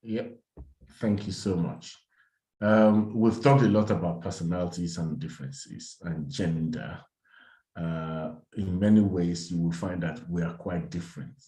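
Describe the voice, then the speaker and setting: A man co-presenting a seminar in a live teaching talk, brisk and casual. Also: deep voice, fairly even intonation, mellow, echoey room, rough recording.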